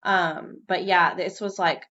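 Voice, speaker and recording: A woman co-hosting a podcast, telling a fishing story in casual chat, lively and swearing casually. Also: slow pace, muffled recording. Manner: animated, jumps high when quoting herself, swears casually. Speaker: podcast co-host.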